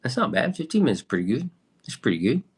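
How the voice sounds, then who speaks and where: A man's voice: mid-range voice, sing-song, fast, husky. A young man chatting loosely on a livestream, swearing now and then and answering viewer comments. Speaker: livestream host. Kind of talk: casual livestream chat.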